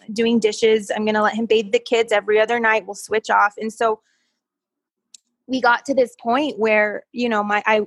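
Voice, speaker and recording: A woman guest telling a personal story in casual conversation, animated and quick to laugh, often repeating words as she gets going. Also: mid-range voice, no echo. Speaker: podcast guest.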